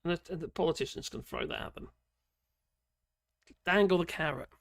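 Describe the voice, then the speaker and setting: A croaky, hoarse man rambling through opinionated political commentary on a live stream. His voice sits a bit high for a man and is heavy with gravelly fry. He talks casually and haltingly, full of fillers and colloquial asides. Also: a bit bright.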